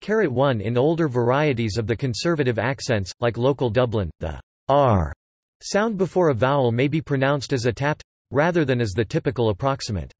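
A synthetic male text-to-speech voice reading an encyclopedia article in an even, machine-like way. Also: medium pitch, a little fast, no room sound. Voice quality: flat, machine-like delivery with odd pronunciations.

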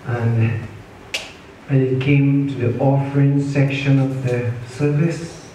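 A man preaches a sermon in an unhurried, measured way, repeating his phrases and drawing answers from the congregation. His voice is mellow and dark. It reaches the mic from a distance in a very echoey church, with faint room noise behind. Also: mid-range voice, fairly even intonation. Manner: preaching with repetition and call-and-response. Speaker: pastor. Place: church sanctuary. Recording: echoey church hall from far off.

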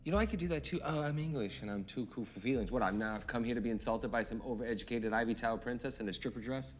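A man's voice: medium pitch, racing, a little hiss or hum, close to an everyday voice. Cade, a man playing a brash American inventor. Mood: sarcastic. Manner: brash, sarcastic.

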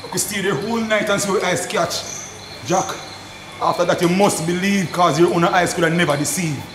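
A wary brother , played by a stage actor, with a fairly high voice that carries through a roomy hall. He is caught from a distance, with crickets chirping loudly behind. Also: fairly even intonation, brisk. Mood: resolute. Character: wary brother bringing bad rumors. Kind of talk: stage play acting. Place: theatre stage. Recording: echoey hall from far off, insect noise.

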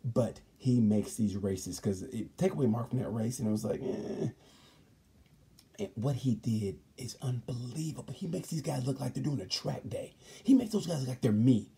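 A man's voice: medium pitch, moderate pace, mellow, slightly rough. A man hosting a comedic motorsport review, rambling and emphatic, often stopping to say "let me tell you something". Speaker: host. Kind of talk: comedic sports commentary.

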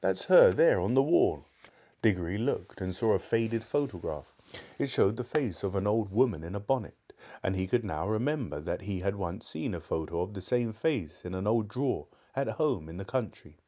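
Expressive male storyteller, low and mellow. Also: moderate pace. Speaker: narrator. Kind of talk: live-streamed book reading.

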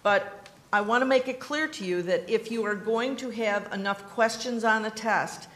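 Commissioner type, woman from New York, calm and sure, explaining at a hearing, roomy sound. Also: on the high side. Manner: measured, explanatory, self-assured. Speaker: education commissioner testifying. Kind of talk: formal testimony at a legislative hearing. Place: legislative hearing room. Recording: echoey hearing room.

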